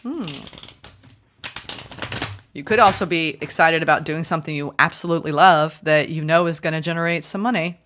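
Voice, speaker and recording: A woman reading tarot for her viewers, chatty and upbeat, often gushing with excitement. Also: lowish voice, a little hiss or hum. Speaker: tarot reader.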